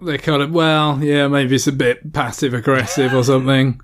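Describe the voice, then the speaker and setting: A man's voice: mid-range voice, little pitch movement, normal speed. A man co-hosts a casual gaming podcast in an ordinary mid-range voice. He rambles hesitantly, doubling back and circling his point with frequent asides. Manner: rambling, hesitant, many fillers and restarts. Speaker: podcast co-host.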